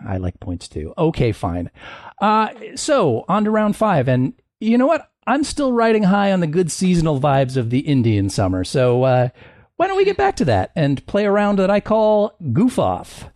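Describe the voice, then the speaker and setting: A man's voice: sits high, wildly swooping pitch, moderate pace, a little mellow, dry recording, clean studio sound. A man hosting a comedy game show podcast, playful and teasing. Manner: playful, teasing, breaks into goofy voices.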